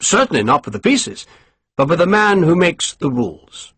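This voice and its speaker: A man voicing a suave, scheming English colonel who lectures his servant in a smooth, condescending way, in an audiobook. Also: fairly high pitch, sing-song, moderate pace, a bit bright, no echo, voice pushed up, full character voice.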